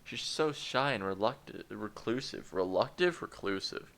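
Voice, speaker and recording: A man's voice: fairly low pitch, expressive, normal speed, creaky, fairly bright tone. Rambling, self-mocking man playing a story game. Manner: rambling, self-deprecating, laughs at his own jokes. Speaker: streamer. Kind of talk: game playthrough commentary.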